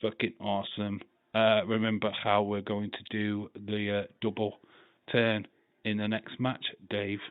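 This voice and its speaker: A man with a Yorkshire accent hosts a live watch-along stream in a loose, chatty way, laughing often and swearing freely. His voice sits on the low side. The sound is tinny and phone-like, with a dry, close feel. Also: monotone, a little slow, clear, resonant tone, no room sound. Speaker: livestream host.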